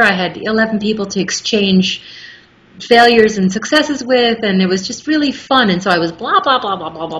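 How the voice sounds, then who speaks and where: Articulate middle-aged woman, muffled recording. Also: mid-range voice. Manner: articulate, lively storytelling. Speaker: guest, audiobook narrator. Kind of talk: casual interview chat. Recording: muffled with faint background noise.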